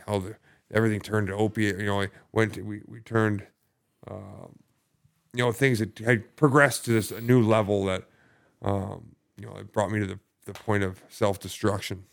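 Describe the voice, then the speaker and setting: A man's voice: lowish voice, fairly even intonation, normal speed, creaky. A young man, a podcast guest, telling his recovery story in casual talk, rambling with many fillers and heavy swearing.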